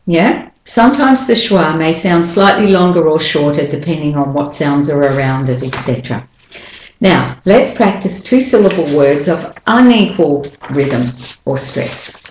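A woman giving a spoken pronunciation lesson, slowly and carefully demonstrating individual sounds and syllables. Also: low voice, lively intonation, darkish tone, reverberant, a little hiss or hum, low-quality recording. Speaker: pronunciation teacher.

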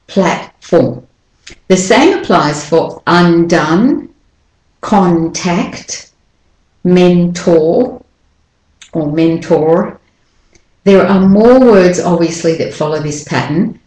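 A woman giving a spoken pronunciation lesson, slowly and carefully demonstrating individual sounds and syllables. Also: lowish voice, a little mellow, echoey room, low-quality recording. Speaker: pronunciation teacher.

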